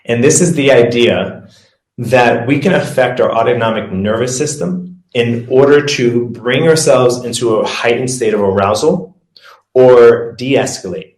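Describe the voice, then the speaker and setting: A man with a medium-pitched voice speaks a little slowly in an echoey room. Acting as a performance coach, he gives a casual presentation, talking loosely, correcting himself, and leading breathing exercises.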